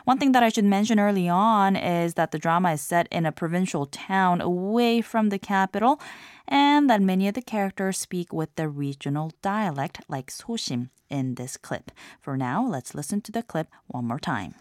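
A woman hosting a language lesson, explaining drama lines and phrases in a clear, measured scripted way. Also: on the low side, animated, dry recording, studio quality.

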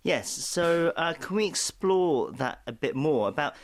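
A man's voice: fairly high pitch, animated, measured pace, a little hiss or hum. A man hosting an interview, asking polite questions and giving short affirming replies.

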